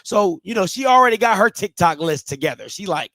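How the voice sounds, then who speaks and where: Man, high voice, dry close sound, animated slangy storytelling, lots of restarts. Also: a little fast, dry recording. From Ohio, USA. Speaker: vlogger. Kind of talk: casual storytelling vlog.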